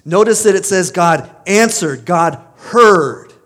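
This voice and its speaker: A man's voice: high-pitched, expressive, takes it slowly, fairly bright tone. A middle-aged man preaching a sermon as pastor, conversational, with vivid asides and acted-out examples.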